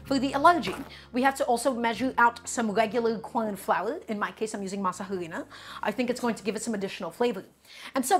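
A woman from Brooklyn, hosting a live cooking stream from her home kitchen and chatting with viewers as she works. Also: a little high. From Brooklyn, New York. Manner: chatty, talks to chat as "guys" while cooking.

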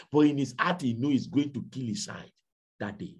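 A man preaching a sermon, telling a story dramatically and swinging from hushed to shouting. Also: medium pitch, lively intonation, a little fast. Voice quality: very husky. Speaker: pastor.

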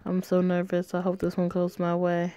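A woman's voice: fairly low pitch, completely flat delivery, moderate pace, warm tone, smooth, no echo, natural voice. A woman voicing a nervous young female job applicant who talks in a flustered, self-doubting way.

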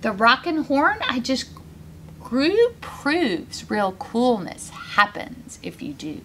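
Storybook rhino, male, rude and whiny, high and loud, done by a woman. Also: very animated, takes it slowly, a little hiss or hum, exaggerated voice. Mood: grateful. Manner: whiny, snorting, blustery.

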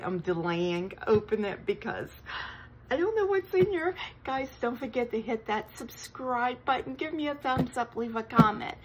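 A woman, vlogging an unboxing with gushing, breathless excitement and frequent gasps. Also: a little high, background noise. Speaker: crafting vlogger. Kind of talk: unboxing vlog chat.

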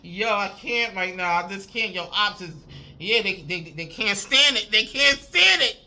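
A woman in a loose, profane spiritual reading with a bright, forceful edge to her voice. She hammers her points with repeated phrases and breaks into chuckles as she goes. Her delivery is emphatic and casual rather than polished. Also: medium pitch, measured pace. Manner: profane, emphatic, repeats "I'm telling you"; chuckles often while talking. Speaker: intuitive reader.

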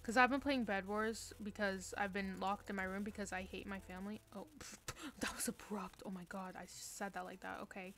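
A woman's voice: medium pitch, fairly even intonation, normal speed, fairly bright tone. A young woman streaming a game from her room, chatting casually with playful, self-mocking trash talk. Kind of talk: casual live-stream chat while gaming.

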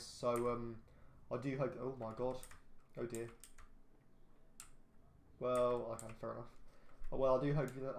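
A man's voice: medium pitch, darkish tone. Rambling teenage boy gamer. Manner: rambling, repeats himself, quick outbursts at traffic. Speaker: gaming channel host. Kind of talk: casual gameplay commentary. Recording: roomy echo, faint background noise.

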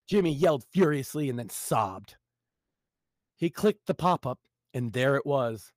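A man's voice: mid-range voice, expressive, normal speed, no echo. A man reading his own short story aloud live on a stream, in a dramatic, wry storytelling manner.

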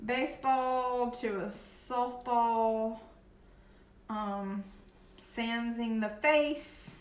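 A young adult woman with a Southern US accent chatting casually while painting on a live stream, reading and answering viewer comments. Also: medium pitch. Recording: echoey room with faint background noise.

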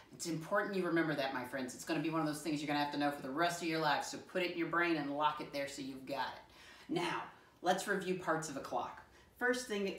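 Echoey, low-voiced woman teaching small children. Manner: encouraging, slow and deliberate, spells words letter by letter. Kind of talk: classroom lesson for young children. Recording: echoey room from far off.

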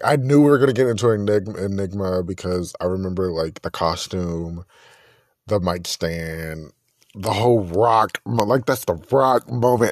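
A man hosting a casual solo podcast, gushing with excitement and swearing freely. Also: on the low side, dry recording, clean studio sound. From not from Texas. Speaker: podcast host.

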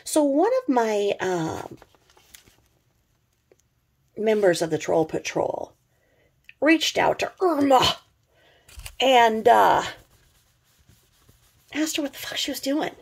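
A woman's voice: fairly high pitch, sing-song, slow, creaky, pauses often, husky. A middle-aged woman with a slightly sore throat, rambling in casual, sarcastic commentary full of fillers. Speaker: commentary vlogger.

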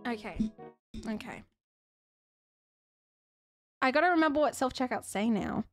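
A woman's voice: a little high, animated, unhurried, faint music behind. A woman streaming a game, chatting casually and giggling with her viewers. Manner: chatty, giggly, talking to chat. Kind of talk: casual live-stream chat.

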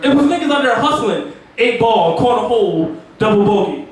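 High-voiced profane man, far off in an echoey pub crowd. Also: lively intonation, a little fast, heavy background noise. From Virginia, US. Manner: brash, profane, laughs at his own jokes. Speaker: stand-up comedian. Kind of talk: open mic stand-up comedy. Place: small pub with a live crowd.

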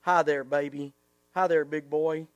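A scruffy old drunk calls out playfully across a room to a baby, then goes hushed and tender, as a preacher reads his lines aloud. The voice sits fairly high. The sound is dry and close. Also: steady tone, measured pace, dry recording, lo-fi sound, natural voice. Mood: playful, calling out. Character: ragged drunken old man, shouting and fond.

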